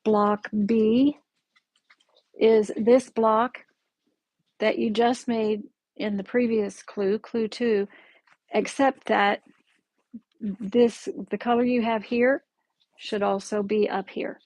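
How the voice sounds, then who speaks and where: Slow-talking woman with a gravelly voice. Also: fairly high pitch, fairly even intonation, a little mellow, dry recording, rough recording. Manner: chatty, friendly, pauses and self-corrects. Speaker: quilting teacher hosting a live stream. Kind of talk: casual live-stream sewing lesson. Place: sewing room at home. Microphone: camera in the room, with her stepping back from it.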